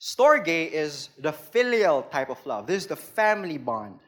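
A man's voice: fairly high pitch, very animated, unhurried, a bit bright. A man with a Filipino accent preaching a sermon, explaining things plainly and playfully, laughing at his own jokes.

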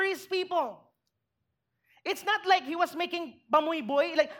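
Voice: very high-pitched, unhurried, a bit bright. A pastor preaching a sermon in church, making emphatic points and putting rhetorical questions to the congregation.

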